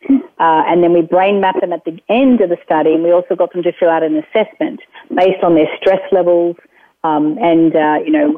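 A woman's voice: fairly low pitch, no room sound. A woman guest talking about her programs, rambling with many fillers and restarts. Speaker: guest, self-help program creator. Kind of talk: conversational interview over a phone line. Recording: tinny phone line, dry.

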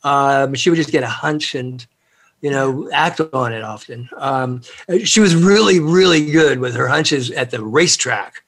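A man's voice: medium pitch, unhurried, fairly bright tone. A middle-aged man as an interview guest, telling family stories in a rambling, chatty way with plenty of fillers. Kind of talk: casual storytelling interview.

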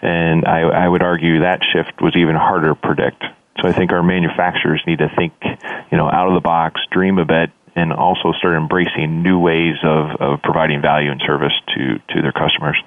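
A man's voice: rumbling low, level tone, brisk, no room sound. A man speaking as a guest on a panel discussion, often repeating words as he thinks. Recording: tinny phone line.

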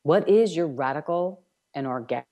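A woman from New York with a notably low voice hosts a self-help radio program. She talks emphatically into a studio microphone and leans on chant-like repetitions. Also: expressive, normal speed, mellow, dull audio. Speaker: radio show host.

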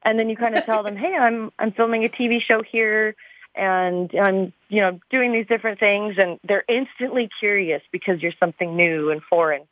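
A woman's voice: medium pitch, fairly even intonation, moderate pace, no room sound. A woman from Arizona, a TV show star, chatting as a guest in an interview in a bubbly way with many fillers, heard over a tinny phone line. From Arizona, USA. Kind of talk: casual interview chat.

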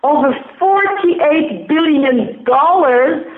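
A woman with a French accent, measured and careful as she explains her business in an interview. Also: high-pitched, lively intonation. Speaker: interview guest, business founder. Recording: tinny echoey phone line.

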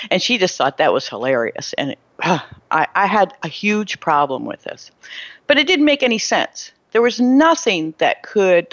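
A middle-aged woman telling a personal story in a monologue, animated and prone to restarting and repeating her words. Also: on the low side, no echo, highs cut off. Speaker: spiritual storyteller.

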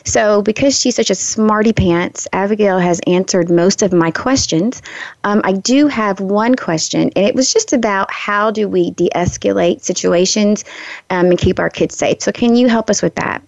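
A woman's voice: medium pitch, normal speed, vocal fry, a little mellow, no echo, lo-fi sound. A woman hosting a radio talk show, chatty and affectionate, with a lot of fillers. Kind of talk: casual radio interview.

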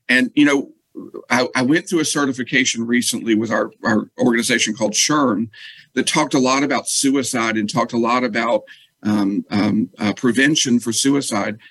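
A man, a guest telling his personal story in an interview, earnest and halting with frequent restarts. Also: medium pitch, a bit bright, slightly rough, no echo, rough recording.

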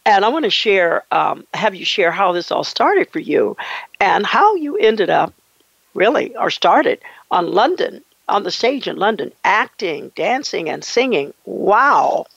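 Gravelly-voiced woman hosting a talk show. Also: medium pitch, very animated, a little slow, fairly bright tone, no room sound. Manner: enthusiastic, effusive praise. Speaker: podcast host. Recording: dull lo-fi dry sound.

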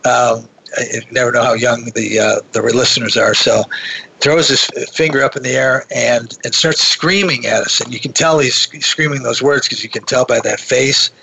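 Gravelly, bright-voiced man telling a story. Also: medium pitch, normal speed, slight background noise, rough recording. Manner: animated, with frequent restarts. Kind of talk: conversational storytelling.

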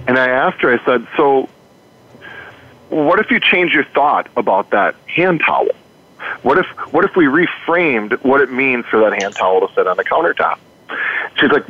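A man's voice: medium pitch, animated, moderate pace. A man speaking as a life coach in an interview, earnest, telling a client story with many rhetorical questions and repeated words. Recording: phone-like narrow sound.

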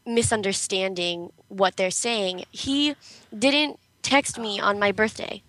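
A woman's voice: mid-range voice, slow, a bit bright, no echo, low-quality recording. A young woman co-hosting a casual talk show, telling a story in a chatty way with many fillers. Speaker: co-host. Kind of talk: casual chat.

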